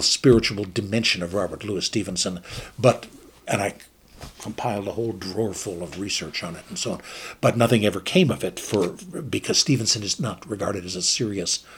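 A man's voice: lowish voice, brisk, a little hiss or hum. A man reading a short fable aloud and then talking about it in a thoughtful, somewhat hesitant way. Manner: thoughtful, hesitant with restarts when talking freely.

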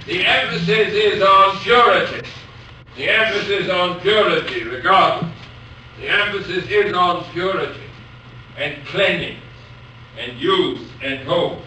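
A man giving a university lecture, reading poetry aloud slowly and otherwise talking haltingly with many pauses. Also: high voice, pushed and bright. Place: lecture hall. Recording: echoey hall from far off, faint noise.

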